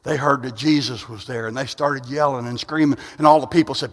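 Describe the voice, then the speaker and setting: A man preaching a sermon. He moves between quiet, conversational asides and loud, rising, drawn-out preaching. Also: medium pitch, fairly even intonation. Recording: long hall reverb.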